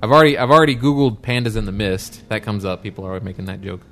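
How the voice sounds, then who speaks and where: A man's voice: fairly low pitch, very fast, fairly bright tone, faint music behind. A man co-hosting a casual gaming podcast, making sarcastic, jokey asides. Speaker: podcast co-host.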